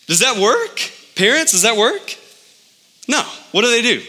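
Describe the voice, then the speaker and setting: A man in his thirties preaching a sermon as pastor, animated, with his pitch jumping up for emphasis. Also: a little slow.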